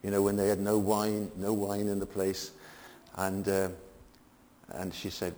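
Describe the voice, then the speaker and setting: An older man preaching a sermon, swinging between emphatic peaks and quiet asides. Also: on the low side, completely flat delivery, a little slow, long pauses, in a large hall, slight background noise.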